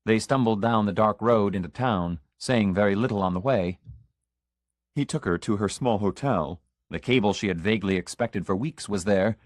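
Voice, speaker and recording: A man reading an audiobook as narrator, in measured, even storytelling. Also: fairly low pitch, dry recording, clean studio sound. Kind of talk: scripted narration.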